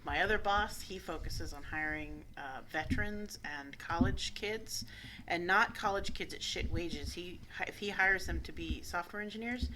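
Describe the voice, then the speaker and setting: Female co-host, lowish bright voice, blunt and profane banter. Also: moderate pace, a little hiss or hum, poor audio. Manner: blunt and profane, animated storytelling. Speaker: radio show co-host. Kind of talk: casual chat.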